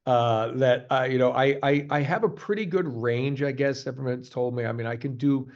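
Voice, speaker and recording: Male voice actor, guest in a casual interview; animated, halting delivery; mid-pitched voice; muffled lo-fi sound. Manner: animated, halting, jumps to quick voice demos.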